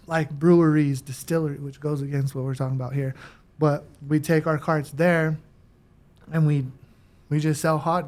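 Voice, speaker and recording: A man telling his life story in a casual interview, slangy and animated, with many fillers. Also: on the high side. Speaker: guest.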